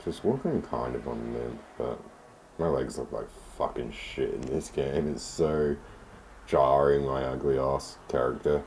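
Very deep-voiced sarcastic gamer man. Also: unhurried, darkish tone, a little hiss or hum. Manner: sarcastic, swears often. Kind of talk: casual gaming commentary.

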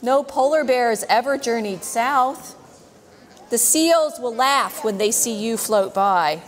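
Lady doing a teasing storybook albatross, rhymy and singsong, high-ish voice, echoey church. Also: animated, takes it slowly. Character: teasing wise male albatross. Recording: long church reverb.

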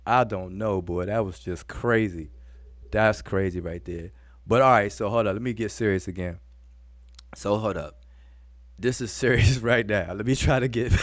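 A man's voice: fairly low pitch, normal speed, dry recording. A man hosting a live video show, talking casually to his viewers and breaking into fits of laughter. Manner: informal, addresses viewers as y'all. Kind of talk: casual live-stream commentary.

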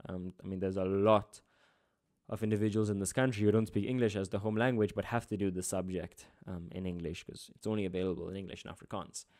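Young south african guy tutoring geography, lowish mellow voice, loads of "like" and "you know". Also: fairly even intonation, fast. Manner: chatty, conversational asides with many fillers. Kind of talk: casual exam-prep lesson.

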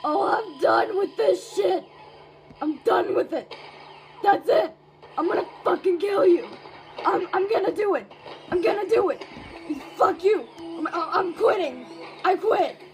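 Woman voices a grumpy box-carrying robot, murderous and foul-mouthed, hums and curses, high voice, slow comic dub. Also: animated, slight background noise, full character voice, low-quality recording. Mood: fed up. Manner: hums tunelessly and swears constantly.

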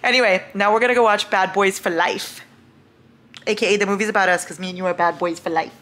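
A woman's voice: medium pitch, steady tone, quick pace, fairly bright tone. A young woman vlogging at home at night, chatting in a gushing, playful way about books. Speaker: book vlogger. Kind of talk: casual reading vlog chat.

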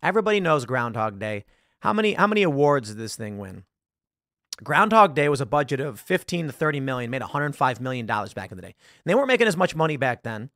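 A very animated podcast host with a medium-pitched, slightly bright voice talks at a quick clip, rambling casually about films while searching the web and performing lines. It's clean studio sound with no echo.

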